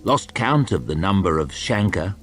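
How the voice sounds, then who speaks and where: Deep guy reading a story, really lively delivery, faint music behind. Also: normal speed. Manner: expressive, dramatic reading. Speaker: audiobook reader.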